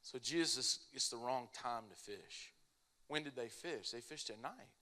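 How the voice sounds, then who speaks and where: A young man preaching a casual, animated sermon, telling stories in an everyday way. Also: mid-range voice, unhurried. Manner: animated, casual storytelling with lots of "like".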